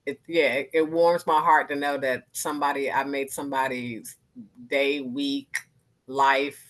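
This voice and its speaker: An animated woman in her fifties, speaking candidly as a panel guest. Her voice is bright and forceful, and she keeps slipping into lively impressions of the people she quotes, laughing as she goes. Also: rumbling low, measured pace, rough recording. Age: 50s. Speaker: arts organization founder, guest speaker.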